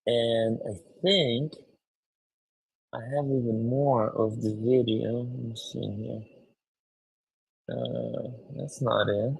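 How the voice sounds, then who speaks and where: A man hosting a casual live stream, chatting in a rambling, excitable way and swearing freely. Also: mid-range voice, slow pace, gravelly, long pauses, husky, rough recording. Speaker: streamer host.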